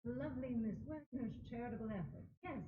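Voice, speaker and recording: A woman's voice: expressive, fairly quick, reverberant, close to an everyday voice. A woman voicing a genteel, proper female game character who speaks formally and drifts between accents. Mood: polite. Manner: formal and courteous, shifting accents. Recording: dull game audio over a rumble.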